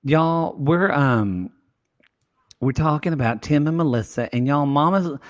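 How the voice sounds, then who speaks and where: A man's voice: on the high side, animated, measured pace. A man co-hosting a casual comedy podcast, recapping a reality show with crude, playful humor. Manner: crude, playful, puts on silly voices for bits. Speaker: podcast co-host. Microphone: podcast microphone.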